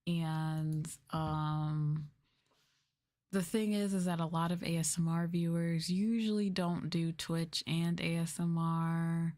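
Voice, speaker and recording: Young woman doing soft asmr talking, kinda low voice, rambly and chatty. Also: level tone, slow pace. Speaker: streamer. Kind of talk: soft-spoken ASMR chat.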